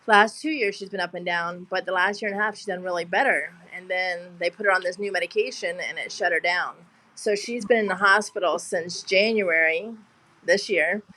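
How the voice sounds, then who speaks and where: A woman's voice: on the low side, normal speed, sharp tone, rough recording. Heartfelt woman on a call. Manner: heartfelt, rambling with many restarts. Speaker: guest. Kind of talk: emotional casual chat. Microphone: video call.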